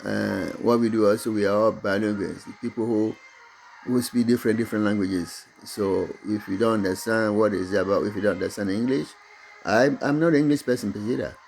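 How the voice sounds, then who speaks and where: A middle-aged man from Togo whose first language is Mina, speaking English with an accent and giving a halting motivational talk about his own business, full of restarts and fillers. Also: lowish voice, steady tone, gravelly, a little mellow, a little hiss or hum. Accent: Togolese. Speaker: business owner.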